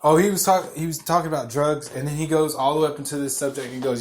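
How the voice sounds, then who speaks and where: A man's voice: fairly high pitch, fast, hardly any pauses. Profane, worked-up man ranting on a podcast. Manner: swears constantly, repeats phrases, gets loud and worked up. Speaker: podcast host. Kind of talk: profane storytelling rant.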